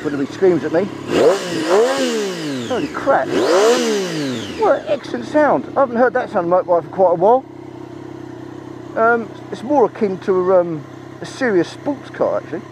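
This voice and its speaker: Excitable man riding a motorbike. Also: sits high, normal speed, pauses often. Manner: chatty, excitable, swears freely. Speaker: motorcycle reviewer. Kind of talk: casual ride-along review commentary. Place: outdoors on a motorbike in traffic. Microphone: helmet-mounted mic. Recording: muffled, engine and road noise.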